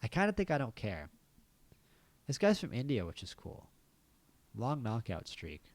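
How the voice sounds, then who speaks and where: A man's voice: medium pitch, wildly swooping pitch, normal speed, dry recording. An American man hosting a gaming channel, giving casual gameplay commentary, thinking aloud with wry asides. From United States.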